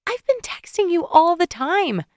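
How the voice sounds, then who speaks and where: A woman narrator voicing a flustered, bubbly young woman who talks in bright, lifting tones. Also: very high voice, sing-song, a little slow, no room sound, clean studio sound, voice pushed up, heavily acted.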